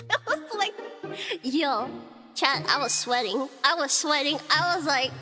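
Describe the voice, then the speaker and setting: A young woman streamer telling a story in casual chat, animated and giggly with lots of filler likes. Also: high-pitched. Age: young adult. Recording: background music under voice.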